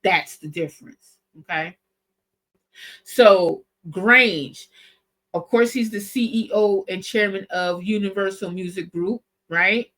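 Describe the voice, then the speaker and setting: A woman hosting a show, talking through history in a casual, animated, slangy way. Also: medium pitch, slow pace, rough recording. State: coughing spell. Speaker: host. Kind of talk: casual commentary.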